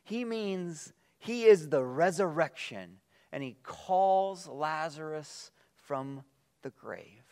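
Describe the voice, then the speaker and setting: Earnest male preacher, slightly high voice. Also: lively intonation, smooth. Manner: earnest, reflective, with slow emphatic drops at phrase ends; reads scripture aloud with quiet emphasis. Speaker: pastor. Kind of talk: sermon.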